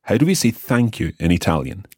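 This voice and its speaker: Very animated and darkish in tone, a man with a very deep, slightly husky voice gives a language lesson, his pitch moving a lot. He explains with patience and pronounces every word slowly. The audio is close and dry with no room sound.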